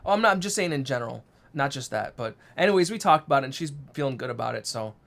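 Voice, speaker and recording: A man co-hosting a casual live show, telling a family story in a brisk, animated way. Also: mid-range voice, creaky. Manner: storytelling, acts out quotes, brisk. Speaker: co-host. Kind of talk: casual live-stream chat.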